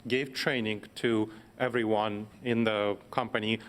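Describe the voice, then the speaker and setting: A man, a consultant, explaining his point on a panel in a measured, conversational way. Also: fairly low pitch, steady tone, a bit bright.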